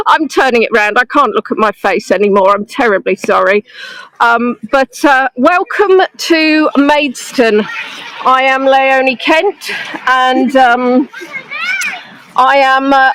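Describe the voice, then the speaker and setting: Host type: high-voiced woman, unhurried, self-mocking, live tour guide on a phone outdoors, dry close sound. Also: a bit bright, no room sound, poor audio. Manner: chatty, self-deprecating, greeting viewers by name. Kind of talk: live-streamed walking tour chat. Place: outdoors in a snowy town street. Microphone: phone on a gimbal held close to the face.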